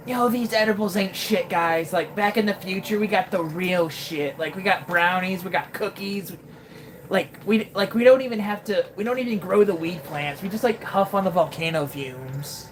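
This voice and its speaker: A woman's voice: mid-range voice, normal speed, noisy background, natural voice. A woman voicing a laid-back, stoned male hedgehog from a ruined future, talking in a lazy slacker drawl.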